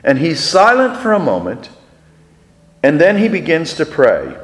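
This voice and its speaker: Slow-speaking preacher in an echoing hall. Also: male voice, a little high, huge pitch swings. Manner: slow, deliberate storytelling with dramatic pauses. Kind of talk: sermon. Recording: echoey hall with long reverb.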